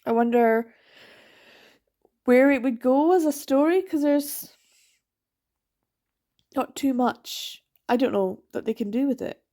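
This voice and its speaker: A woman's voice: high-pitched, slow, pauses often, dark tone. A young woman vlogging about her reading in casual chat, rambling and chatty, with many fillers and giggles.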